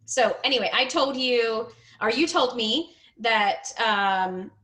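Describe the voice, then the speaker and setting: Bright-voiced encouraging woman teacher. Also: fairly high pitch, slow, few pauses. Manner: encouraging, laughs often, corrects gently. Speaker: English speaking teacher. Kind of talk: one-on-one pronunciation and grammar coaching.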